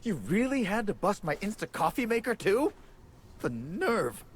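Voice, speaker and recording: An actor playing a gruff, harried male orchard overseer in a video game, blunt and sardonic with folksy speech. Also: high-pitched, sing-song, normal speed, slight background noise. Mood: angry.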